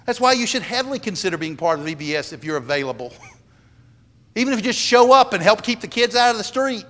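A man's voice: sits high, fairly bright tone. A man, a pastor preaching a sermon earnestly and repeating words as he stresses each point. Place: church sanctuary. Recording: long hall reverb.

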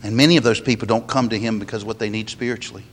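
A man's voice: fairly low pitch, fairly even intonation, racing. A man, a pastor preaching a sermon earnestly and repeating words as he stresses each point. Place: church sanctuary. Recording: long hall reverb.

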